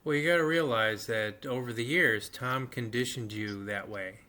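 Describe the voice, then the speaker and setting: A man with a bright, forceful voice gives calm, direct relationship advice. He keeps his point plain and blunt in a relaxed podcast chat. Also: mid-range voice, moderate pace. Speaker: podcast host, advice giver.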